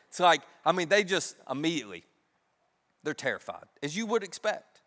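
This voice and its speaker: A man preaching a sermon, retelling a story in an animated, humorous, conversational way. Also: on the high side, moderate pace, long reverb tail. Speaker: pastor. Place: church sanctuary.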